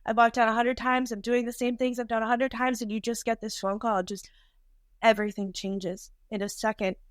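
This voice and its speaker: A woman in her thirties, a podcast guest, telling a deeply emotional personal story in a halting way, with many restarts. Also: flat delivery, no echo.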